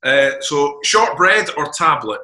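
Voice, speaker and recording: A man's voice: a little high, lively intonation, slow pace, pushed and bright. A man hosting an interview, asking chatty, friendly questions. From Scotland. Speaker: host. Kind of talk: casual interview chat. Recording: roomy echo.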